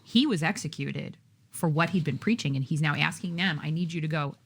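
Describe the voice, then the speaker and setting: A woman's voice: sits low, fairly quick, husky. A woman in a casual Bible study group, explaining her view thoughtfully.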